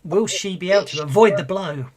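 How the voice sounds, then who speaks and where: A game master narrating an online tabletop session in a middle-pitched voice. The delivery is hesitant and full of restarts, often breaking into chuckles between rulings. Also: brisk, crowd noise.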